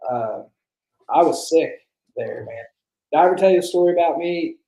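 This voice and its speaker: A man's voice: on the high side, lively intonation, moderate pace, creaky, mellow, echoey room, low-quality recording. A man, a barbecue pitmaster guest, telling long, profane stories in casual chat and laughing along the way.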